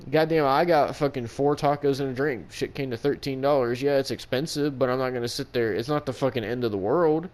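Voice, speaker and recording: A man's voice: mid-range voice, animated, brisk. A man co-hosting a casual podcast, telling a rambling story full of profanity. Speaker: podcast co-host.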